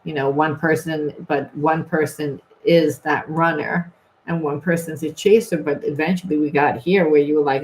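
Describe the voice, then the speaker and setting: A tarot reader with a low voice, captured on a rough recording, delivers a rambling, emphatic spiritual reading. She keeps restarting and repeating phrases.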